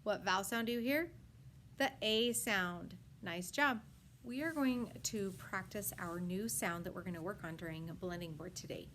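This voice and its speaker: A woman teaching a first grade phonics lesson, sounding out words slowly piece by piece and praising often. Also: medium pitch, a bit bright, slight background noise. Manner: slow, sound-by-sound enunciation with frequent praise. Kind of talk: phonics lesson for young children.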